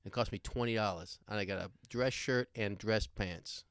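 A man's voice: lowish voice, normal speed, clear, resonant tone, no room sound. Laid-back rambling man, dry sound. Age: adult with a young son. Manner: rambling storyteller, laughs often, swears. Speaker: podcast co-host. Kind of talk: casual chat.

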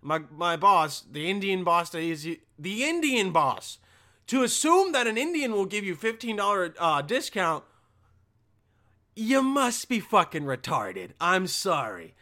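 A man's voice: high-pitched, very animated, unhurried, sharp tone. A young man who works a motel front desk, telling a rambling, sarcastic work story full of swearing. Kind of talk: casual profane storytelling rant.

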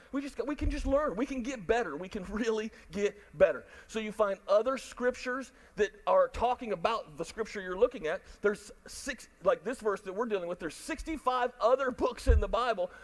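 High-voiced, animated preaching man. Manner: animated, jokey, talks to the crowd and online viewers. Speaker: pastor. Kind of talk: sermon.

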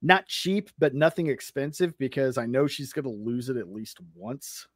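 A man's voice: medium pitch, animated, normal speed, dry recording. Laid-back joking man, dry close sound. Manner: easygoing, joking, laughs often. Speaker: podcast guest. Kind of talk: casual podcast chat.

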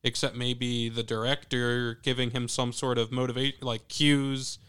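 Curious man with a smooth voice. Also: mid-range voice, level tone, a little slow, a bit bright. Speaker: podcast co-host. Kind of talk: casual chat.

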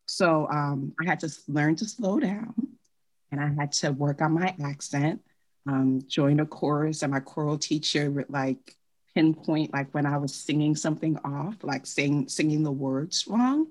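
A woman from Trinidad, chatting quickly and animatedly about her experiences. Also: sits low. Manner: fast, animated storytelling with laughs. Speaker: co-host. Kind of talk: casual chat.

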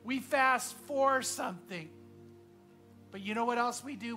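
A man preaching a sermon as pastor, telling a story earnestly and often dropping to a hushed voice. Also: very high voice, a little slow, faint music behind.

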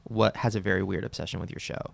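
A young man hosting a casual chat show, rambling and excitable as he tells stories. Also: low-pitched, fast talker, creaky, no echo. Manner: rambling, excitable, swearing storyteller. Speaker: host.

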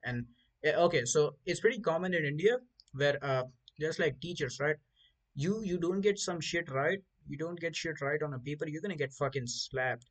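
A man's voice: on the high side, normal speed, poor audio. A man hosting a podcast, telling rambling stories in casual chat with lots of swearing and stumbling restarts. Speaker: podcast host.

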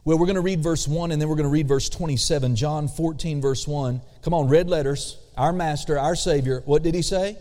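In a church sanctuary full of long reverb, a pastor with a darkish voice on the high side delivers his sermon. He uses slow, drawn-out emphasis on key words and calls out for the congregation's responses.

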